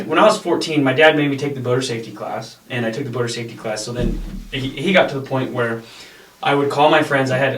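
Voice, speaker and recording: Rambling man telling stories in a roomy space. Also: mid-range voice. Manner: rambling, animated, laughs while telling stories. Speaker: podcast guest. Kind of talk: casual storytelling. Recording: roomy echo, a bit far from mic.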